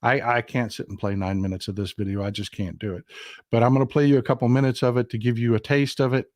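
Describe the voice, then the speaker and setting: A man's voice: mid-range voice, fairly even intonation, fast talker, a little mellow, no room sound. Male livestream host, emphatic and repetitive, dry close sound. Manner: emphatic, repeats himself, stumbles and restarts. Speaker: political commentary host. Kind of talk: livestream political commentary.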